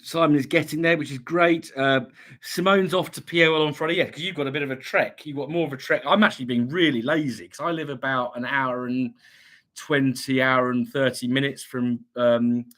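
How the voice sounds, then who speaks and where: A man from England chats through a home livestream, reading viewer comments aloud and answering them. His talk wanders, full of ums and restarted phrases, at an ordinary middle pitch. A slight cough still lingers in his voice from a recent illness. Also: steady tone, fairly quick, fairly bright tone. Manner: chatty, rambling, many ums and restarts. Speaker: livestream host reading chat. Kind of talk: casual chat.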